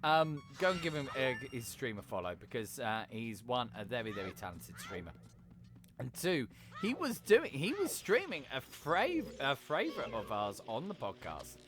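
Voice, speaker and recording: A man chatting casually while he plays on a live stream, swearing freely and cracking quick jokes. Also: mid-range voice, huge pitch swings, over music.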